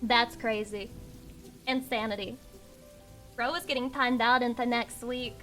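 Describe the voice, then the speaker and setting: A woman's voice: fairly high pitch, fairly even intonation, measured pace, pauses often, fairly bright tone, soft background music. A young adult woman streaming live, bantering with chat in a brash, swearing way. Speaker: VTuber streamer.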